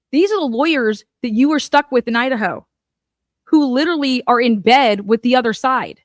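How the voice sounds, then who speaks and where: A woman's voice: sits high, expressive, fairly quick, dry recording, studio quality. A woman true crime commentator in an angry, profane rant, cursing and mocking the people she talks about.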